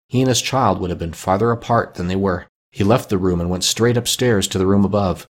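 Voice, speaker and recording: Male audiobook narrator with a measured, expressive read; low, husky and gravelly. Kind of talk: audiobook reading of classic fiction.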